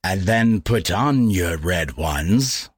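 A man's voice: low voice, animated, slow, husky, dry recording, clean studio sound, exaggerated voice. A man playing a sly, kindly old soldier who talks in teasing riddles. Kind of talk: amateur play reading.

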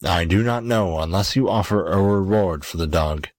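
A man's voice: low voice, normal speed, no echo, clean studio sound, natural voice. A man voicing a poor, miserable glass blower in a storybook reading, with a pleading, earnest manner. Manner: pleading, then eager.

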